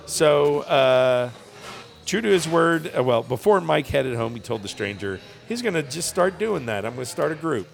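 A man with a gravelly, creaky voice retells a news story on a comedy podcast. He rambles, fills gaps with "uh" and drifts into jokes. Faint music plays underneath. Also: on the high side, very animated, measured pace. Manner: joking, rambling with fillers. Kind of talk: casual comedic chat.

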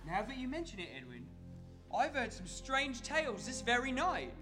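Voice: mid-range voice, wildly swooping pitch, moderate pace. A performer playing a broke, chatty Cockney music-hall comedian in a stage radio play, with thick Cockney banter and music behind. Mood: chirpy.

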